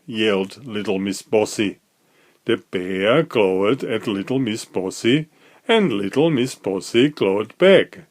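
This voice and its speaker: A man reading a children's picture book aloud, with slow, lively storytelling. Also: lowish voice. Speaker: storybook reader.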